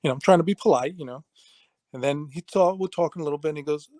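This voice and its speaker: A man's voice: fairly high pitch, rapid-fire, a little mellow, dry recording. A middle-aged man, a martial arts instructor, telling stories in a casual interview, acting out quoted voices and laughing easily.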